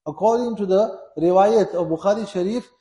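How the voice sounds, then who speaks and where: A man's voice: high voice, fairly quick, mellow. A man preaching a sermon, speaking earnestly and repeating his points to press them home. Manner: earnest, repetitive, exhorting. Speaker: Islamic preacher. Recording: echoey room.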